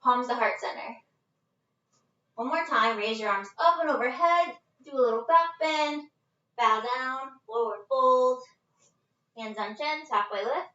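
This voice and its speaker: A yoga instructor streams a class from her living room, her voice sitting high and sharp at a measured pace. The faraway phone yields a roomy, lo-fi sound. Slightly out of breath, she's casual and chatty, breaking into laughs.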